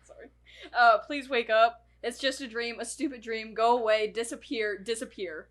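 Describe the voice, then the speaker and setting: A woman's voice: on the high side, steady tone, normal speed, fairly bright tone, close to an everyday voice. A woman reading the part of a frightened young girl, pleading and panicked, heard from off-mic. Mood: scared. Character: frightened young girl lost in a spirit world. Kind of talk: casual read-through of film lines.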